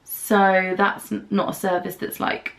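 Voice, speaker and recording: A woman's voice: medium pitch, little pitch movement, a little slow, vocal fry, a bit bright. A British woman vlogging casually at home while doing her makeup, telling a long, candid story while recovering from dental treatment. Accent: British English. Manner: chatty, candid, rambling storytelling. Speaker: beauty vlogger.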